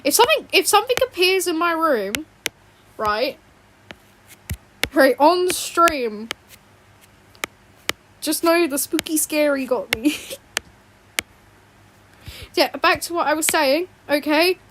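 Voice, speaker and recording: A woman's voice: sits high, lively intonation, slow pace, pauses often. A woman streamer chatting casually from her bedroom while drawing, rambling and giggly, often apologising. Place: home bedroom. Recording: fan noise in background. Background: fan hum.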